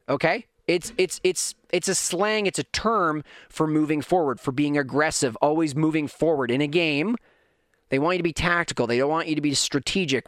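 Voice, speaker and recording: A man's voice: fairly high pitch, no echo, clean studio sound. Rambling man hosting a solo podcast. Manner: rambling, self-mocking, lots of tangents. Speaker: podcast host. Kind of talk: casual solo podcast rant.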